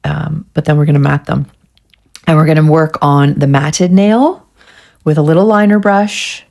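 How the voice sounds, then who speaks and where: A woman's voice: low-pitched, fairly even intonation, normal speed, gravelly, a little mellow. A woman vlogger chatting casually through a nail art tutorial, getting frustrated and swearing at herself.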